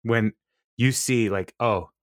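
A man's voice: on the low side, takes it slowly, no echo, clean studio sound. Man laughing through a show recap. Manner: laughs often, animated retelling. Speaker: podcast co-host. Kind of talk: casual chat recapping a TV episode.

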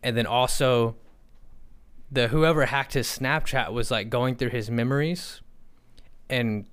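A man's voice: mid-range voice, a little slow, fairly bright tone, smooth. A young man co-hosting a podcast in casual chat, telling stories with quoted dialogue and a lot of swearing. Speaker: podcast co-host.

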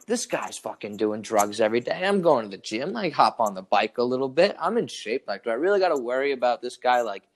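Young man, casual chat, profane, animated, mid-pitched voice. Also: brisk, few pauses. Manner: profane, animated storyteller, full of "dude" and "like".

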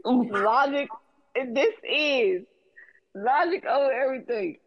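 A woman's voice: high voice, expressive, highs cut off. A woman co-hosting a casual podcast chat, giggly and easygoing. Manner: giggly, slow-talking. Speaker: podcast co-host.

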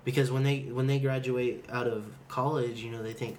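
A man's voice: mid-range voice, fairly quick, slight background noise. Young man telling stories casually. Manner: animated storytelling, slips into quoted voices. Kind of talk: casual chat.

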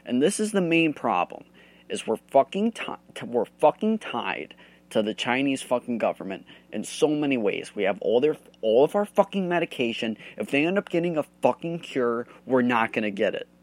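A man's voice: mid-range voice, sing-song, moderate pace. A man from the United States hosting a solo podcast, ranting angrily and swearing a lot. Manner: profane, heated ranting. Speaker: host.

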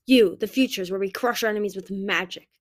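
A woman's voice: mid-range voice, brisk, no echo, clean studio sound, lightly acted. A woman voicing a ruthless, scheming female dragon queen with a commanding, clipped delivery.

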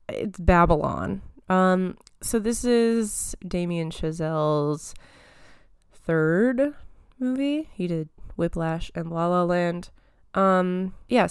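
This casual pop-culture podcast features a young host who wanders through film and TV news, filling gaps with ums and small laughs. She sounds slightly low, smooth and a little mellow, with a hint of throat phlegm, captured close-up in a dry recording without room sound.

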